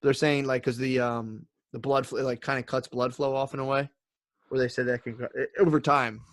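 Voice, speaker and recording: A man's voice: mid-range voice, level tone, brisk, no room sound. A young man co-hosting a podcast, chatting in an upbeat, rambling way and saying "dude" often. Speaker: podcast co-host. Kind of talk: casual podcast banter.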